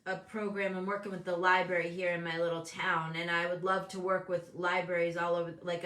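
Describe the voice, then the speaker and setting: Animated woman coach, bright echoey voice. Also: on the low side. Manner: candid, animated, acts out quoted voices. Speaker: host and business coach. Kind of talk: casual motivational talk.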